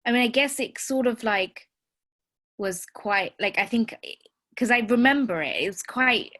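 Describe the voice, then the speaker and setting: A woman's voice: on the high side, normal speed, a bit bright. A woman, a teacher, reflectively sharing her experience on a group coaching call, with frequent "like" fillers.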